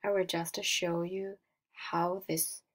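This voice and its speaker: Unhurried woman teaching with a Mandarin accent. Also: fairly low pitch, level tone. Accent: Mandarin Chinese. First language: Mandarin Chinese. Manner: explains slowly step by step, models tones aloud. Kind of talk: recorded slideshow lesson.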